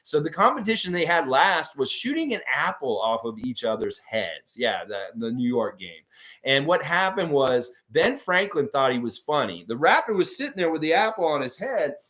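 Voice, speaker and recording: A man's voice: fairly high pitch, lively intonation, normal speed, bright, forceful tone. A man hosting a casual basketball preview show, rambling and swearing with lots of fillers. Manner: rambling, profane, filler-heavy. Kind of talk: casual sports preview commentary.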